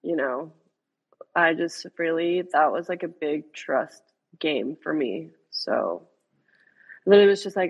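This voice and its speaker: A woman's voice: sits low, takes it slowly, husky, lo-fi sound. A young woman in her twenties, a reality show contestant, chatting casually in an interview and telling stories with lots of laughter. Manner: giggly, animated storytelling. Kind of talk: casual chat.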